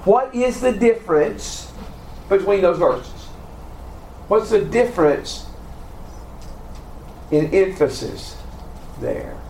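A man teaching a Bible class, reading passages slowly and deliberately and putting questions to his students. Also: high-pitched, big pitch swings, darkish tone, a little hiss or hum.

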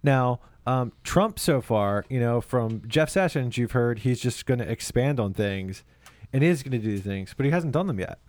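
A man's voice: medium pitch, animated, moderate pace, a little mellow, no room sound. A man chatting casually on a podcast, rambling with many fillers and stammers. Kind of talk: casual chat.

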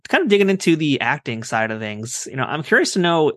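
Fast-talking podcast host, a man. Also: a little high, very animated, fairly bright tone, no room sound, studio quality. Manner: rambling, friendly, full of fillers. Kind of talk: podcast interview.

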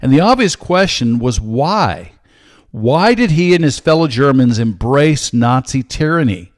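An older man in his sixties hosts a podcast and teaches from the Bible in a steady, earnest way, pausing on small hesitant fillers. His voice sits at an ordinary middle pitch for a man. It was recorded close and dry, with no room sound. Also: no echo. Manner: earnest, measured, with frequent "uh" fillers. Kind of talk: solo podcast teaching talk.

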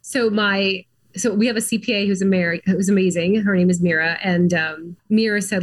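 A woman's voice: medium pitch, fairly even intonation, moderate pace, few pauses. Chatty middle-aged woman telling her story. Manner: chatty, many "like" and "um" fillers. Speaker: podcast guest. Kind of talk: casual interview storytelling.

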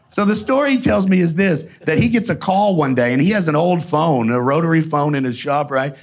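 A man telling profane, animated stories in a casual way, laughing often. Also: on the high side, a little slow, long pauses. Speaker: storyteller guest. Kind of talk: casual storytelling before an audience.

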